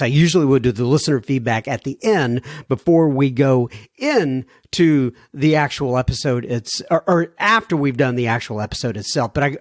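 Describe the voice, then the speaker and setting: A man hosting a podcast, telling a story from his week and reading listener mail in a casual, animated way, chuckling as he goes. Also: mid-range voice, no echo, studio quality. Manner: animated, chuckling, mock-pleading. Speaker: podcast host.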